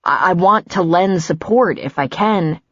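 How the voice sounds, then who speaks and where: Woman putting on a calm, deep-voiced man. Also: a little slow, no room sound, muffled recording. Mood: defensive calm. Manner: soft, low, calm.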